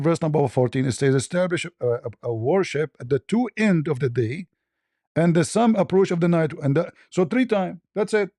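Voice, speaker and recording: Mellow-voiced man debating heatedly. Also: a little high, no room sound, studio quality. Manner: argumentative, repeats points, mocking. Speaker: host.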